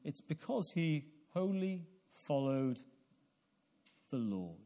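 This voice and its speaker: A man's voice: on the high side, sing-song, takes it slowly, dark tone. A man preaching an evening sermon, asking rhetorical questions and building to emphatic peaks, often repeating a word as he restarts. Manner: repeats words when restarting.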